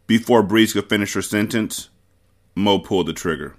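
A man with a low voice reads a novel aloud for his book podcast. His narration is measured and expressive, pacing the story steadily.

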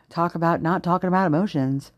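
A woman's voice: low-pitched, no echo, clean studio sound. A woman hosting her own unedited podcast, ranting with heavy swearing and sudden jumps between exasperation and sarcasm. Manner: profane, fast-shifting, venting with heavy swearing. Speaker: podcast host. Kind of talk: unedited solo podcast rant.

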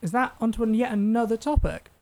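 A man's voice: very high-pitched, quick pace, a little mellow, faint music behind. A young man, co-hosting a casual comedy podcast with a sarcastic, mocking manner. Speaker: podcast co-host.

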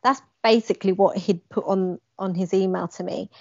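A young woman tells a personal story, bringing scenes to life as she describes them. Her voice sits at an average pitch. The recording is dry and slightly muffled. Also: moderate pace, creaky, no room sound. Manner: animated, acts out quoted lines with emphasis. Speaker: guest. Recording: dry, slightly dull lo-fi sound.

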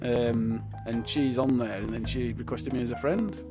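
A man of about forty, co-hosting a relaxed chat, trailing off and chuckling. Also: mid-range voice, moderate pace, music in the background. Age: 40s. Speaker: podcast co-host. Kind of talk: casual chat reminiscing.

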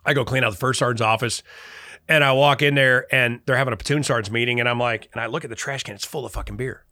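Animated, profane veteran man telling stories. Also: mid-range voice, fast, dry recording, clean studio sound. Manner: animated and profane, laughing as he talks. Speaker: podcast guest, military veteran. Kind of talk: casual storytelling.

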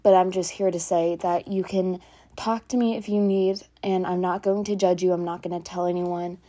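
A young woman with a mellow, warm voice talks earnestly at home, rambling a little and leaning on fillers. She sounds like a teenager sharing personal advice in an easygoing podcast chat. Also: fairly low pitch, fairly even intonation, normal speed. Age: teens. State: out of breath. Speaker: podcast host. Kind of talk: casual personal talk.

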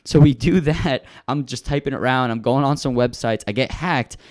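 Casting: teen male co-host, animated storyteller, mid pitch, laughs a lot. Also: normal speed. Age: late teens. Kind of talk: casual chat.

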